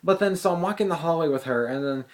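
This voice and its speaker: A teenage boy, a high school student and vlogger, tells a story as a casual rant, exasperated and profane in a lively retelling. His male voice is fairly high and quick.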